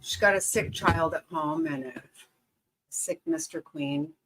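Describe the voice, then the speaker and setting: A woman's voice: fairly low pitch, measured pace, vocal fry, low-quality recording. Bubbly woman hosting a livestream. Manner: bubbly, excitable, laughs often. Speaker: livestream host. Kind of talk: casual livestream chat greeting viewers.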